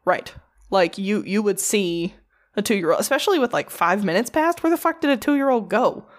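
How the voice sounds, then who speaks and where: A woman's voice: medium pitch, moderate pace. A woman co-hosting a podcast, telling a true crime story in casual, profane chat. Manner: profane, animated storyteller with mocking quoted voices.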